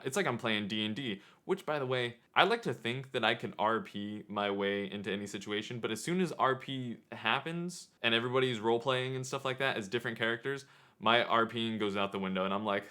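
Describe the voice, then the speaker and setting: Bright-voiced man telling a funny story. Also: lowish voice. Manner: animated, self-deprecating, quick to act out scenes. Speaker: vlogger. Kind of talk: casual comedic storytelling.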